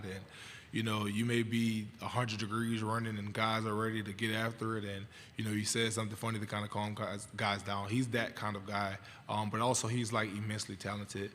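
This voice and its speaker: A young man in his twenties from Louisiana, a college football player, answering press conference questions in a calm, thoughtful way with many fillers. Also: on the low side. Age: 20s. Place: large media hall. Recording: long reverb of a large hall, faint noise.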